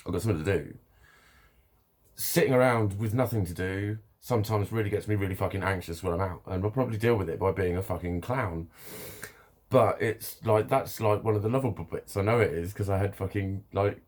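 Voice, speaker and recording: A man talking to camera in a rambling, profane, animated way. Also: on the low side. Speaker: vlogger. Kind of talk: casual monologue to camera.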